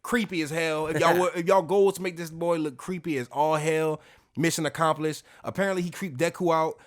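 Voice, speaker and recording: A man's voice: on the high side, fairly quick. Slangy, cursing male podcast co-host. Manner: profane, animated, slangy storytelling. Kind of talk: casual podcast chat.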